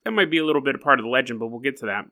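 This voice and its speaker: A man's voice: mid-range voice, expressive, rapid-fire, pushed and bright. A young adult man hosting a podcast, telling a story casually with rambling, jokey asides. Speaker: podcast host.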